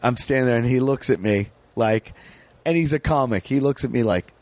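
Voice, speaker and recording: A man's voice: mid-range voice, brisk, a little mellow, no room sound. An American man, a comedian, telling stories in a casual podcast chat and swearing freely.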